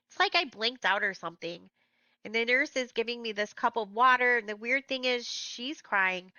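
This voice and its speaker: Woman narrator for a young-reader audiobook; bright, slightly high, close and dry. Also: expressive, moderate pace, no echo, highs cut off. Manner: plain, conversational storytelling. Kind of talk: first-person novel narration.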